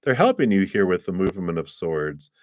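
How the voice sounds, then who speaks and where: A low-voiced man reads tarot cards on a live stream, talking in an encouraging, meandering way with frequent soft chuckles. His voice is close and dry, with no room around it. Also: very animated, a little fast, no room sound. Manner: warm, encouraging, chuckles often, rambling restarts. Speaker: tarot reader.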